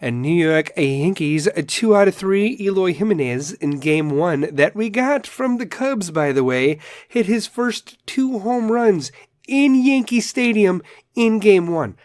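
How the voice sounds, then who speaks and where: A man's voice: high voice, animated, a little slow, darkish tone, dry recording, clean studio sound. A man hosting a casual solo podcast, ranting in a rambling, profane way and telling dad jokes. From Chicago area. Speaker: podcast host.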